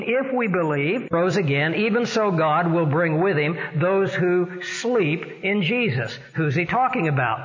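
Bright-voiced preacher in an echoing hall. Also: male voice. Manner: rises in pitch and force for emphasis, slows on key words. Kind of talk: sermon. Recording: dull lo-fi radio broadcast in a reverberant hall.

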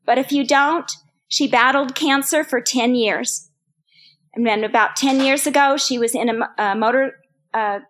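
A woman's voice: a little high, a bit bright. An older woman teaching a women's Bible study, earnest and personal, repeating phrases for emphasis. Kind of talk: sermon.

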